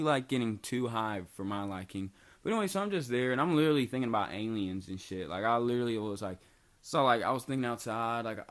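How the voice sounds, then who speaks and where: A young man telling a story to camera in a rambling, profane, animated way, packed with fillers. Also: mid-range voice. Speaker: vlogger. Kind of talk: casual storytelling.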